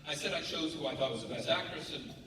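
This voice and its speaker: A man on a convention panel, telling playful, animated stories to a live audience. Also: on the high side, fast. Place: large convention hall. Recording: echoey hall, mic heard from far off. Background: audience noise.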